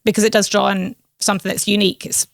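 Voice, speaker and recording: A woman's voice: mid-range voice, little pitch movement, quick pace, vocal fry, dry recording. Shetland-accented woman, wedding planner, casual podcast chat, lots of ums, dead dry mic. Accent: Shetland Scottish. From Shetland, Scotland. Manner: chatty, laughs often, many fillers.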